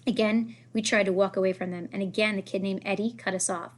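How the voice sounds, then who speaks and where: A woman's voice: medium pitch, fast talker. Woman reading a novel aloud. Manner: lively, raises voice for characters' lines. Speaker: reader.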